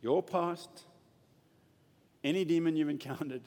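A man preaching a sermon to a congregation in an emphatic, animated way. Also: on the high side, moderate pace. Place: church hall with an audience. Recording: long hall reverb.

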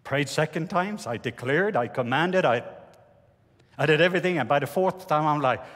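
A man with a Norwegian accent preaches to a congregation, recounting a testimony earnestly and stumbling over restarts. His voice sits a little high and sounds husky. The sound rings with the long reverb of a large hall. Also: expressive, fairly bright tone. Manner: earnest storytelling with halting restarts. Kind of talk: sermon with personal testimony.

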